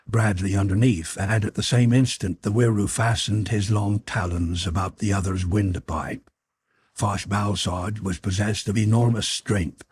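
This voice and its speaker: A man reading an adventure novel aloud as an audiobook narrator, in a measured, dramatic way. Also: lowish voice, a little mellow, slightly rough. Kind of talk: scripted narration.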